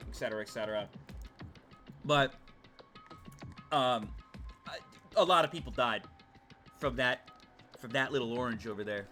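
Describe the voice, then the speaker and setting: A young man streaming a game, rambling and chatting, breaking into loud excited jokes. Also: medium pitch, normal speed, pauses often. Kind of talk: live game commentary. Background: faint game music.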